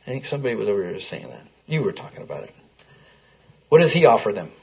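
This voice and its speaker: A man's voice: fairly low pitch, sing-song, fast talker, creaky, slightly rough, highs cut off. A man leading an interactive Bible class, asking his listeners questions in a conversational way.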